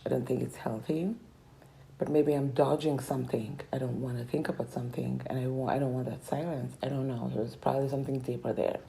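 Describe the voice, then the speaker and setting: A woman's voice: very deep voice, steady tone, a little fast, vocal fry, warm tone, poor audio. A young woman vlogging a casual, meandering life update, her throat sore and strained from talking. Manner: meandering, reflective, trailing off.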